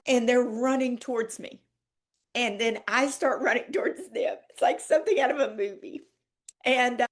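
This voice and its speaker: A woman hosting a podcast, telling a personal story in a heartfelt, teary way. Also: on the high side. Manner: heartfelt, laughs and tears up while telling. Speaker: podcast host. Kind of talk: emotional storytelling monologue.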